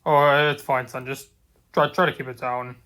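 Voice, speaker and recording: A young man voicing a middle-aged father who scolds his son and then softens, in a comedy sketch. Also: medium pitch, flat delivery, normal speed, voice pushed down, lightly acted. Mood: gentle. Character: middle-aged father, stern but loving.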